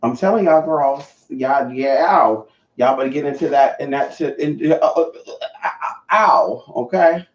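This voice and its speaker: A man's voice: mid-range voice, normal speed, few pauses, darkish tone, roomy sound, lo-fi sound. A sassy man chatting casually on a livestream, swearing freely and greeting viewers by name. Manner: sassy, profane, chatty, reads viewer comments. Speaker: vlogger.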